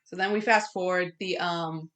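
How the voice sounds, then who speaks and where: A woman's voice: lowish voice, steady tone, normal speed, fairly bright tone. A woman co-hosting a casual movie review podcast, recapping the plot in a chatty way with lots of fillers. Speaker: podcast co-host.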